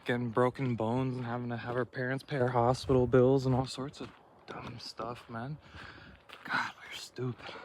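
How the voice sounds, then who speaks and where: A man's voice: mid-range voice, little pitch movement, normal speed, a little mellow. Laid-back man vlogging on a trail. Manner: rambling and laid-back, full of slang like "dude". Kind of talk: casual vlog narration while hiking. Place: outdoor hillside trail. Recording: noisy outdoor recording.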